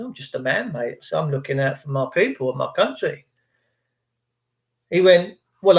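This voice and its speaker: A middle-aged man, telling defiant stories in casual monologue and acting out the phone calls he quotes. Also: high voice.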